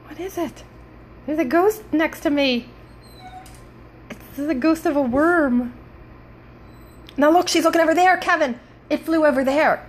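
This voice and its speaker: High, lively woman coaxing her dog. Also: a little hiss or hum. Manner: playful, excitable, talks to the dog in coaxing tones. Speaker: dog owner filming her pet. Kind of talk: casual home video. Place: home indoors.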